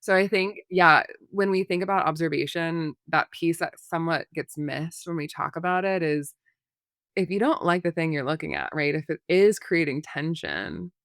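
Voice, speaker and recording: A woman's voice: low-pitched, normal speed, fairly bright tone, dry recording, clean studio sound. A woman therapist, a podcast guest, explaining in a rambling, casual way full of fillers and examples.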